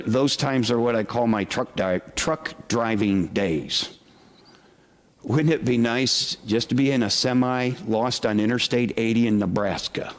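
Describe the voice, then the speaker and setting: Male pastor, unhurried conversational sermon delivery that questions the congregation; long hall reverb. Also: mid-range voice. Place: church sanctuary with congregation.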